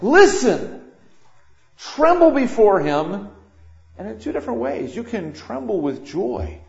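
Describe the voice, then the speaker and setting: Older guy preaching, kinda high voice, lively, roomy echo and muffled sound. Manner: animated, swings from loud emphatic lines to quiet asides. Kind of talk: sermon. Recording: echoey room, dull lo-fi sound.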